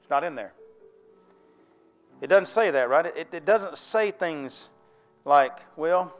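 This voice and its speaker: A man's voice: a little high, lively intonation, takes it slowly, soft background music. A man preaching a sermon to his church, folksy and conversational, often checking in with the congregation. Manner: folksy, conversational preaching with call-and-response questions. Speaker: pastor.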